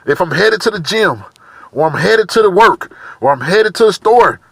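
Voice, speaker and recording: A man talking to camera in a halting, repetitive confessional monologue, emotional and searching for words. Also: sits high, expressive, vocal fry, no room sound. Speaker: vlogger.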